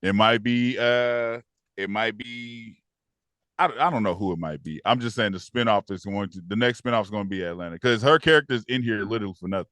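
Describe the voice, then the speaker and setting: A man co-hosting a casual TV recap podcast, animated and acting out characters in raised voices. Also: fairly low pitch, a little fast, dry recording. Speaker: podcast co-host.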